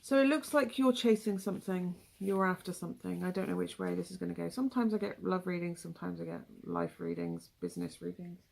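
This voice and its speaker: A woman's voice: on the low side, fairly quick, vocal fry, few pauses, a little mellow. A young woman with a West Country English accent giving a casual, rambling tarot reading, full of asides and ums. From England. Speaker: tarot reader.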